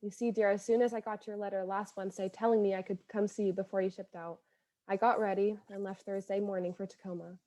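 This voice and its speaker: A woman's voice: medium pitch, level tone, fast talker, warm tone, dry recording, lightly acted. A woman reading the letters of a young woman from 1918, earnest and imploring, with a lovesick, pleading tone. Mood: heartbroken. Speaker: reader of historical letters.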